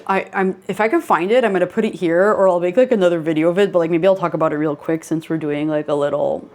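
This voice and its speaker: A woman's voice: lowish voice, a little mellow, a little hiss or hum. A young woman hosting her channel, casually telling a ghost story with lots of "like" fillers. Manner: chatty, many "like" fillers, laughs while telling. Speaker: channel host.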